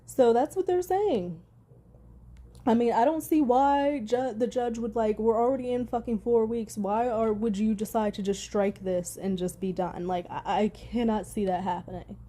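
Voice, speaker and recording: A woman's voice: fairly high pitch, moderate pace, warm tone. A woman giving heated vlog commentary, reading news aloud between angry, profane rants. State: furious.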